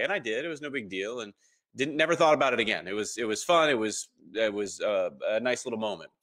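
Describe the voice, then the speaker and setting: A man in his thirties, a podcast guest, talks fairly quickly in a relaxed interview. He has a bright, forward, mid-range voice, impersonates anyone he quotes, and his lively storytelling is packed with ums.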